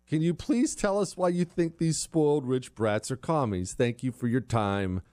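A man hosting a talk show, delivering an opinionated, sarcastic monologue with loud outbursts and muttered asides. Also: mid-range voice, moderate pace.

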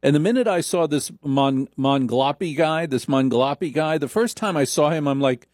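A man's voice: a little high, moderate pace, hardly any pauses, a little mellow, dry recording, clean studio sound. A middle-aged man hosting a late-night radio talk show, brash and sarcastic, getting riled up as he talks.

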